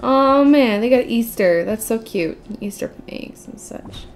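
A woman's voice: a little high, animated, measured pace, faint music behind. A young woman giving casual gameplay commentary, gushing and squealing over cute things with lots of giggles. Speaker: gaming channel host.

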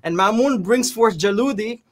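A man on a religious panel show, retelling a historical story in a lively, vivid way. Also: high voice, normal speed.

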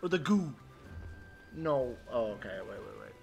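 A male streamer commentating live on his gameplay, excitable and laughing, yelping at the game and talking to his chat. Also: medium pitch, unhurried, gravelly. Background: game music.

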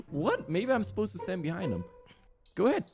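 A man hosting a game session with a friend, playful and teasing, laughing often in casual chat. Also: sits high. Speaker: gaming channel host.

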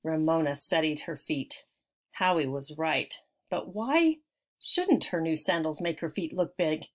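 A woman's voice: low voice, lively intonation, measured pace. A woman reading a children's chapter book aloud, telling it expressively and lingering on key words. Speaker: audiobook reader.

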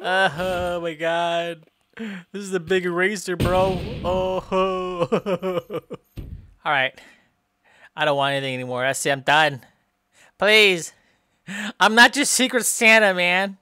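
A woman's voice: on the low side, slow, pauses often, bright, forceful tone, dry recording, clean studio sound. A woman giving comedic improvised gameplay commentary, playing exasperated and tacking "man" and "bro" onto her lines.

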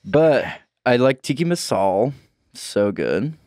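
A man's voice: medium pitch, very animated, slow pace, a little mellow, no echo, clean studio sound. A man on a podcast as a guest, chatting casually and goofily, laughing at his own jokes. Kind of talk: casual chat.

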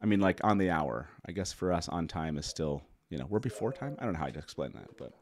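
A man's voice: sits low, expressive, fast talker, a little mellow. A man hosting a casual live talk show, rambling and correcting himself with a chuckle. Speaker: host.

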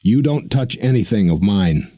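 A man doing a gruff, curt loner sailor. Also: fairly low pitch, expressive, normal speed, warm tone, no room sound. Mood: scolding. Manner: terse, snarling. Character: gruff, solitary male sailor, cold and curt.

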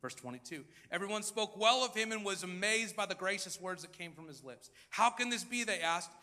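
A man preaching a sermon in a dramatic style, acting out crowd voices and swinging between loud and hushed. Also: sits high, lively intonation, brisk, big-room sound. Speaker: pastor. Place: large church hall.

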